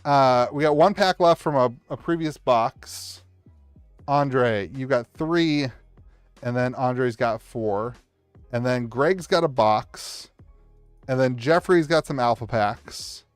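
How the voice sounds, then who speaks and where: A man's voice: mid-range voice, slow, clear, resonant tone, no echo, faint music behind. Hyped guy ripping packs on stream, rambly, keeps restarting, dry close mic. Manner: excitable, hypes up pulls with cheers and shouts; rambling, restarts sentences often. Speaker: host opening card packs live for viewers. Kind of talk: live stream chat while opening packs. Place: home streaming setup at a table.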